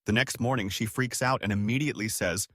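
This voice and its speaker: A man's voice: on the low side, a little fast, a bit bright, no room sound, studio quality. A man giving scripted narration of reader-submitted stories in a wry storytelling manner.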